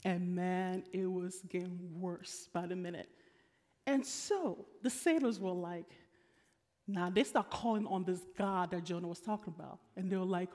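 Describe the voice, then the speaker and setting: A woman pastor preaching with playful, conversational humor and lots of energy, swinging between loud punchlines and quiet asides. Her voice sits at an ordinary pitch for a woman. A long reverb from the large sanctuary hangs behind her. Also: a little slow. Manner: animated, humorous, colloquial storytelling. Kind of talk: sermon.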